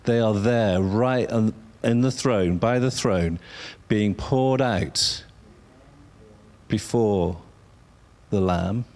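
A man preaching a sermon, drawing words out for emphasis and sometimes dropping to a soft whisper. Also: on the low side. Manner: slow, drawn-out emphasis, dropping to a whisper at times.

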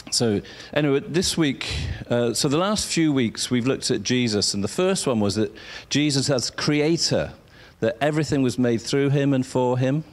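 A man preaching an informal sermon, halting and repeating himself as he coaxes listeners to speak along. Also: mid-range voice.

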